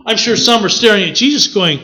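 A preacher delivering a sermon in an expressive style, asking the congregation questions and correcting themselves as they go. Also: medium pitch, a little fast, breathy edge. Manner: corrects themselves mid-sentence.

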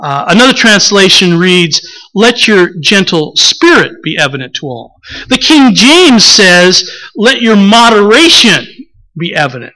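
A man from the preaching a relaxed, conversational sermon, often pausing with filler words and acting out little stories. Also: sits high, rough recording. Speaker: pastor.

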